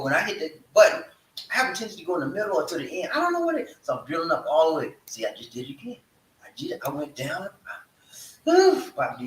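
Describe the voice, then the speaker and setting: A man with a high-pitched, bright and forceful voice runs a live stream, rallying viewers through call-and-response chants in a preacher's fervent style. He hails from the American South, and the talk is hyped stream chat. The recording is roomy and echoey, with the microphone set at a distance.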